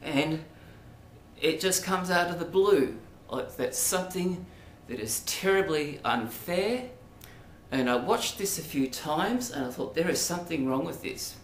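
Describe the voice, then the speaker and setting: A man's voice: fairly high pitch, lively intonation, slow pace, fairly bright tone. An Australian man vlogging in a rambling, hesitant monologue full of ums and asides. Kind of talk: casual monologue to camera. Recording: roomy echo, faint background noise.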